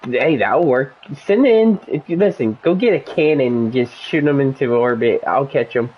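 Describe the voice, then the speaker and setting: A gaming streamer chatting casually while playing, rambling and animated as they jump from one topic to the next. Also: mid-range voice, moderate pace, slightly rough, muffled recording.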